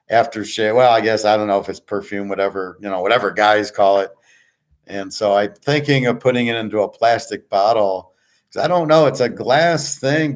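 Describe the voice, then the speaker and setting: Low-voiced man rambling casually to viewers. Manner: rambling and conversational, talks straight to a listener. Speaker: channel host.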